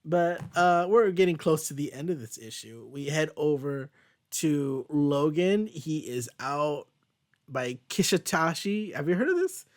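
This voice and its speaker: A young man hosting a comic book podcast, chatting casually and laughing often. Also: measured pace. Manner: casual, laughs often, reads quotes in a low flat voice. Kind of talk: casual chat, reading comic lines aloud.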